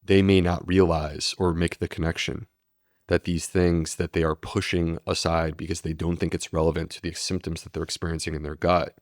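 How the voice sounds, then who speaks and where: A man's voice: low-pitched, little pitch movement, moderate pace, dry recording, studio quality. A man, a medical doctor, explaining steadily and earnestly in a podcast interview. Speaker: gastroenterologist guest.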